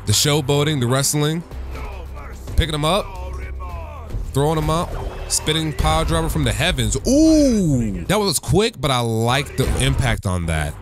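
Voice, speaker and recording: A young man giving casual gaming reaction commentary as a YouTuber, slangy and excitable, breaking into loud bursts of hype. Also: mid-range voice.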